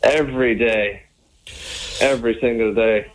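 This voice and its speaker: A man's voice: medium pitch, fairly even intonation, measured pace, rough recording. A man calling into a radio show, telling his story in a plain, matter-of-fact way. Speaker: caller. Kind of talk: radio phone-in call. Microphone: phone line.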